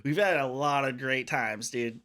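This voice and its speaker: A man's voice: medium pitch, measured pace, sharp tone. A man talking as a guest on a casual podcast, rambling through stories and swearing with laughter. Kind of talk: casual storytelling chat.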